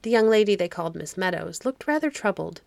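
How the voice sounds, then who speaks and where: A woman narrating a classic fairy-tale audiobook in a measured storytelling manner. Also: on the low side, animated, creaky, darkish tone, dry recording.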